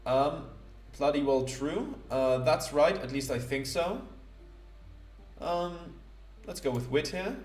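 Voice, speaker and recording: A man talking through a role-playing game as he plays, stopping and starting with filler words and poking fun at himself. His voice sits a little high for a man, and it carries a roomy echo. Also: darkish tone. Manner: halting, many fillers, self-deprecating. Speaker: let's play host. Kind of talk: casual gameplay commentary.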